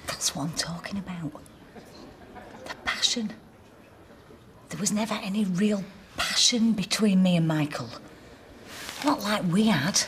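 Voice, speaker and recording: A woman's voice: medium pitch, a little slow, pauses often, slight background noise, lightly acted. An actress playing a woman who pleads earnestly with her husband in prison. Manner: earnest, pleading, often hushed.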